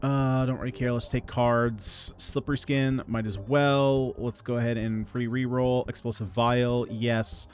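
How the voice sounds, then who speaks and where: A man giving casual gameplay commentary, reading out item picks in a relaxed running patter. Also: medium pitch, measured pace, hardly any pauses. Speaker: gaming video creator.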